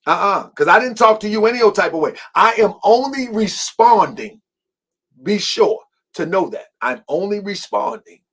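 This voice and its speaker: Man, high voice, emphatic, repeats himself, confrontational host. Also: fairly bright tone, husky. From Baltimore, US. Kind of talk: heated commentary.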